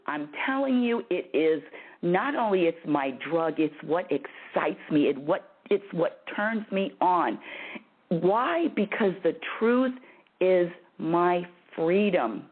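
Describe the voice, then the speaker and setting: A woman hosting a spiritual advice call-in show, talking in an emphatic, bossy and emotional way, often laughing. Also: lowish voice. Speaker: call-in radio host. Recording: phone-like narrow band.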